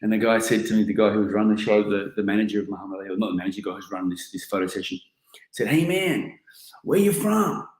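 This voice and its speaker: An Australian man in his forties giving a keynote talk, telling an animated story full of casual slang. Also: fairly low pitch, racing. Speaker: keynote speaker. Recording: roomy echoing hall.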